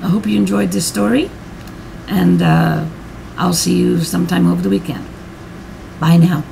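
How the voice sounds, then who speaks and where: A woman's voice: on the low side, steady tone, normal speed, creaky, warm tone, a little hiss or hum, low-quality recording. A middle-aged woman vlogger telling a personal story in a heartfelt, rambling way, repeating her words and getting emotional.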